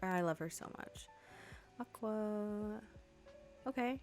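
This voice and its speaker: A woman's voice: medium pitch, slow, long pauses, a little mellow, soft background music. A young woman hosting a video game playthrough, chatting casually and reading the game's text aloud. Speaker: gaming video host. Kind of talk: casual let's-play commentary.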